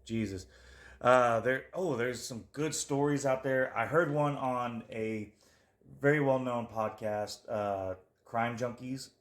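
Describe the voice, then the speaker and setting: A man's voice: mid-range voice, slow pace. A man co-hosting a podcast, chatting loosely about true crime, swearing often and losing his train of thought. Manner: rambling, swears a lot, trails off. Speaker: podcast co-host. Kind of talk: casual true-crime chat.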